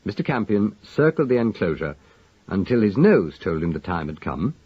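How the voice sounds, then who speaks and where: A man narrating a mystery story in an expressive, measured way, with a husky voice, on a dull lo-fi recording. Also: on the low side. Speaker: audiobook narrator.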